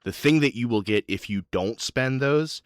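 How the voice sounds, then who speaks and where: A man running a tabletop role-playing game as game master, narrating in a quick, animated way. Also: medium pitch, smooth, dry recording, studio quality. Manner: animated, quick, swears casually.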